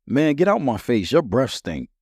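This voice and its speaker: A man's voice: medium pitch, very animated, normal speed, a little mellow, slightly rough, no echo, studio quality, pitched above the performer's own voice. A man voicing a hot-tempered little boy who blames his brother for a fight. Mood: angry. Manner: defensive, blaming.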